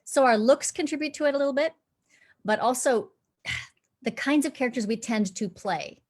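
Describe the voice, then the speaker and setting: A woman's voice: sits high, moderate pace, darkish tone. A woman dialect coach hosting a live online Q&A, explaining earnestly and advising actors over a video call.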